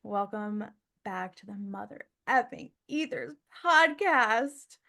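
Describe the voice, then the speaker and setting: A woman's voice: medium pitch, animated, vocal fry, sharp tone. A young woman co-hosting a podcast in casual, bubbly chat. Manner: bubbly, chatty, fast filler-heavy talk. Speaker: podcast co-host.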